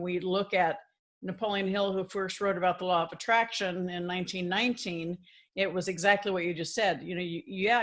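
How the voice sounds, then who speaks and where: A woman's voice: fairly low pitch, fairly bright tone. Woman podcast host, earnest and affirming. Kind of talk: podcast interview.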